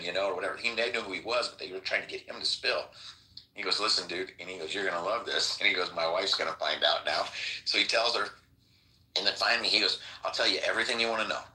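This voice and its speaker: A man with a very low voice tells a long rambling story on a casual podcast. He acts out the quoted lines and swears freely, and his tone is bright and sharp. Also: rough recording. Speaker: podcast host.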